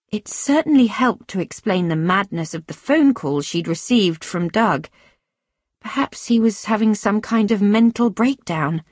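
Husky woman reading a novel aloud. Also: lowish voice, no echo, clean studio sound. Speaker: audiobook narrator. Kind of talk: scripted narration.

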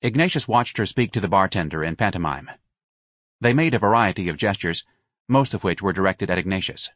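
A man narrating an audiobook in a measured, wry storytelling manner. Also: deep voice, lively intonation, fairly bright tone, no room sound, clean studio sound. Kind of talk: scripted narration.

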